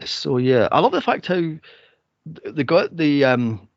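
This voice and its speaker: Lively, gravelly male podcast host. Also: fairly high pitch, a little slow, dry recording, dull audio. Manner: animated, laughs often, acts out quotes. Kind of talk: casual chat.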